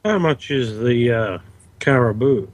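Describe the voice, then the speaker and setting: A man's voice: medium pitch, animated, measured pace, dry recording. A man playing in a tabletop game, talking in a wry, teasing way. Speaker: player. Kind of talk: casual game chat.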